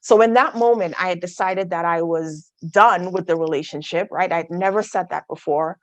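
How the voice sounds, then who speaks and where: Low-voiced woman telling her own story. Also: normal speed, no room sound. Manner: candid storytelling with asides to the audience. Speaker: guest speaker. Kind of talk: personal testimony talk. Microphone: video call.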